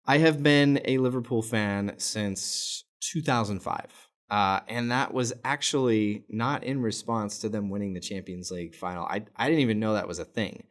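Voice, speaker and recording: An American man in his thirties hosting a fan channel, talking casually to camera with lots of filler words. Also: fairly low pitch. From United States. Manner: chatty and rambling, many filler words.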